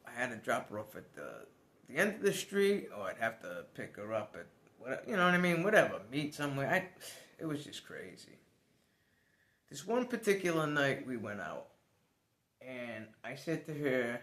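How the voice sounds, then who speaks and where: Guy rambling thru a story, chatty, mid pitch, laughs now and then. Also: sing-song, moderate pace, a bit bright. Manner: rambling, conversational, restarts, chuckles. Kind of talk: casual storytelling.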